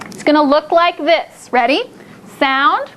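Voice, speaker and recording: High-voiced upbeat woman teaching kids. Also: lively intonation, a bit bright, a little hiss or hum. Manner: upbeat, encouraging, drawn-out modelling of words. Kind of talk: classroom phonics lesson. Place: classroom with small group of children.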